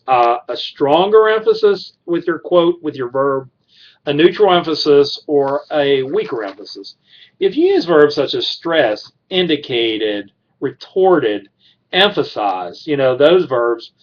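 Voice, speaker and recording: Casting: man, mid-pitched, instructor in a rambling classroom lecture, dull lo-fi recording. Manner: rambling, many fillers and restarts. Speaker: criminal justice writing instructor.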